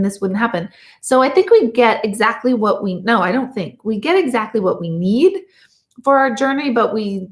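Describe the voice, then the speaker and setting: A woman's voice: medium pitch, echoey room. A woman working as a medium, chatting casually and rambling through stories while reading viewer comments. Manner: chatty, rambling storyteller with lively asides. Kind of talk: casual livestream chat.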